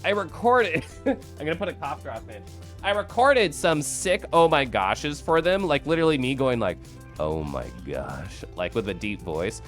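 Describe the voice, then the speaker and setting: A man from the Midwest, hoarse, chatting casually and profanely on a livestream. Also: on the high side, expressive, normal speed, a bit bright, faint music behind. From American Midwest. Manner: loose, profane and chatty with frequent laughs. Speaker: streamer.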